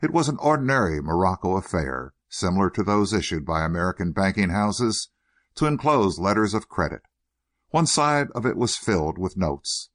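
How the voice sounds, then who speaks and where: A male narrator with a low-set voice, reading a period novel as an audiobook. His delivery is measured yet lively, moving widely in pitch to shape each sentence. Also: dry recording, studio quality.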